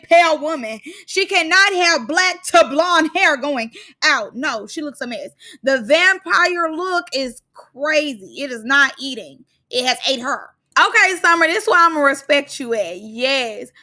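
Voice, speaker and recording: A young woman talks through a reality show episode in a sassy, animated recap, full of slang and sudden loud bursts. Her voice sits high and bright.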